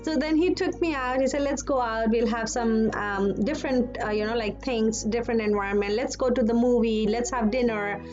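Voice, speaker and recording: A woman guest telling a personal story in an earnest, emotional way, rushing ahead whenever she repeats what she said. Her voice sits a little high. The sound is dull and lo-fi, with music clearly running underneath. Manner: earnest, emotional, fast bursts when quoting. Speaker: podcast guest.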